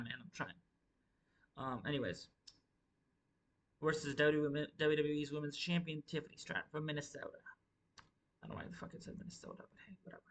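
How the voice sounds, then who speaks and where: A man's voice: mid-range voice, sharp tone, low-quality recording. A man giving a rambling, profane live review of a wrestling show, stumbling and restarting his sentences often.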